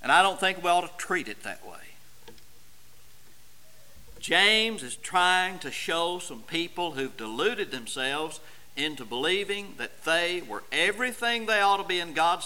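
Male preacher, high-pitched, slow and emphatic, sermon delivery. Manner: swings between quiet explaining and loud emphatic preaching.

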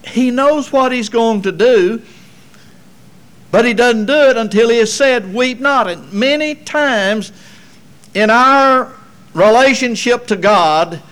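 A man delivering a sermon in a high, unhurried voice. He swings from loud, emphatic passages to low, quiet asides and drops in folksy remarks along the way. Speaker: preacher.

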